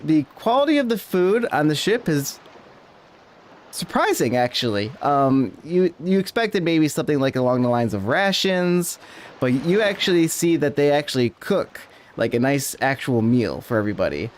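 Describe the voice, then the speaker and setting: A man's voice: on the high side, very animated, moderate pace. A man narrating a tabletop game as game master, rambling and often correcting himself.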